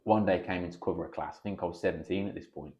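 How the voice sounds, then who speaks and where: A man, a pro kickboxer and coach chatting as a podcast guest, telling animated stories and swearing freely. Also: low-pitched, racing, highs cut off. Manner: animated storyteller, swears freely, acts out quotes. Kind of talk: casual podcast chat.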